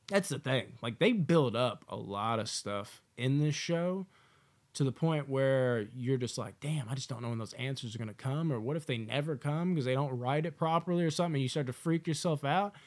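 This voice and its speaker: Casual, profane man reviewing a TV episode. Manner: loose and profane, lots of "like", acts out quotes in a higher voice. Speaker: TV review host.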